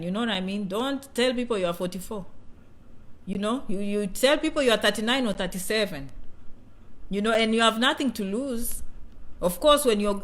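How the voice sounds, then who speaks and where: A woman in her thirties from Kenya chats on a casual live stream, talking straight to her viewers. She has a somewhat high voice and a playful, talkative manner, often saying a phrase two or three times over. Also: a bit bright. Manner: chatty, repeats phrases, playful asides. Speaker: vlogger hosting a live chat.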